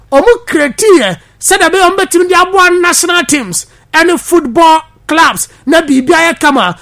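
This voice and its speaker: High bright Ghanaian sports presenter. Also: male voice, creaky. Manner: lively, mixes local language and English. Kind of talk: news commentary.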